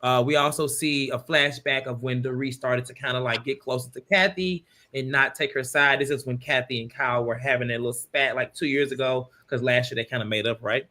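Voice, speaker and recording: A man's voice: mid-range voice, fairly even intonation, a little fast, few pauses, sharp tone. A man hosting a casual reality-TV review panel over a video call, recapping loosely with lots of fillers. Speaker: podcast host.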